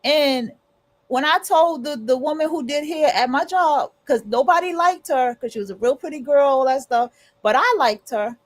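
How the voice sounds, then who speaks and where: A woman's voice: sits high, moderate pace. A woman hosting a livestream, talking casually and rambling with restarts and blunt, profane asides. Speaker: livestream host.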